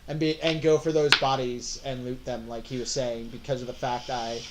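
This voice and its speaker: A man's voice: mid-range voice, little pitch movement, moderate pace, heavy background noise. A man playing a tabletop game, rambling and saying "like" a lot. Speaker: player.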